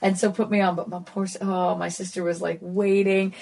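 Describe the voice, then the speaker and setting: A woman's voice: fairly low pitch, level tone, brisk, gravelly, darkish tone. A woman in her thirties with an American accent, a guest comedian chatting casually on a podcast, self-deprecating and full of fillers. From United States.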